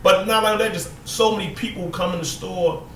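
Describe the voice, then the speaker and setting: A man's voice: high-pitched, fairly even intonation, brisk, a bit bright. A man telling laid-back, profane stories as a podcast guest, acting out what people said. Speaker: guest, store owner. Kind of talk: casual storytelling. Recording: roomy echo, mic at a distance, faint noise.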